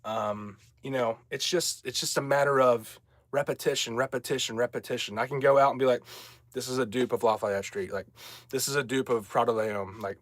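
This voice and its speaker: A man's voice: medium pitch, dry recording. A young man talks casually on his livestream, rambling from one point to the next as he answers viewers. His voice sits in a middle register and is recorded dry and close, with no room sound around it. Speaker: livestream host.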